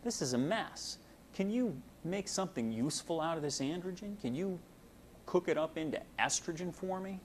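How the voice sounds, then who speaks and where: A man's voice: a little high, lively intonation, moderate pace, slight background noise, voice pushed up. A man voicing a chatty male hormone that bosses cells around in a lecture. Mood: coaxing. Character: hormone giving orders to cells, chummy male.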